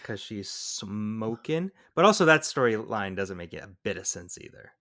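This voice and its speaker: A man co-hosting a film podcast, talking in animated casual chat and breaking into quick impressions. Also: lowish voice, no room sound, studio quality. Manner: animated, excitable, jumps into impressions. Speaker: podcast co-host. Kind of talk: casual movie-review chat.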